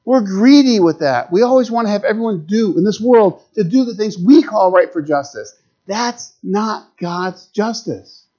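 A middle-aged man preaching a sermon dramatically, rising to urgent peaks and dropping to hushed lows. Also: animated, normal speed. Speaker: pastor. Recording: dull lo-fi sound.

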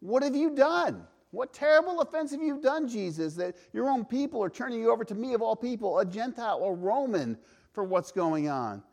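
An exasperated Roman governor, voiced by a preacher retelling the scene, pushes back with rising, disbelieving questions. The voice sits high for a man and climbs as each question lands. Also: expressive, a little fast, vocal fry, a little mellow, exaggerated voice. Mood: incredulous.

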